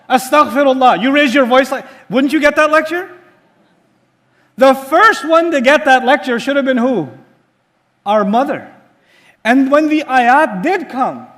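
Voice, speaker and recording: Male preacher, very high voice, lively storyteller, quizzes the audience. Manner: asks the audience rhetorical questions; animated storytelling. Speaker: Islamic teacher. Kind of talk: sermon-style lecture.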